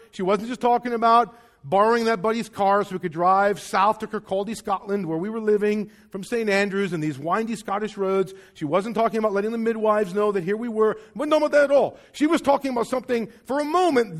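A man preaching a sermon in an earnest, repetitive way, dropping to a near whisper at moments. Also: high-pitched.

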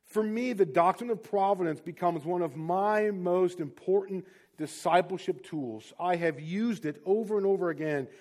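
A man's voice: high voice, moderate pace, darkish tone. A man preaching a sermon as a pastor, speaking in an emphatic, exhorting way.

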